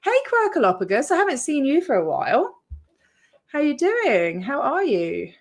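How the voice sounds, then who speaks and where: A woman's voice: high-pitched, very animated, moderate pace. Chatty Australian woman livestreaming. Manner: chatty, rambling, greets viewers by name. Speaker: YouTube channel host. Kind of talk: casual livestream chat.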